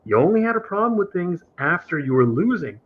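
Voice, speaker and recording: An aggrieved man argues on a live stream, lecturing and indignant. His pitch swings widely and his voice is a little husky. The audio is dull and lo-fi. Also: very animated, fairly quick. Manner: aggrieved, lecturing, imitates others in higher voice. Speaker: caller on a streamed talk show. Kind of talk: heated debate on a live stream.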